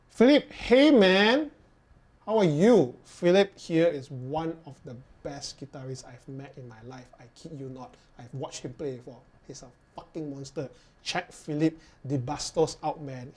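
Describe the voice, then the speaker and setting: A man with a Malaysian English accent who works as a guitar tech, answering viewer questions in a casual live stream. He talks bluntly and swears freely, often restarting his sentences. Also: fairly high pitch. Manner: blunt, profane, animated, with frequent restarts.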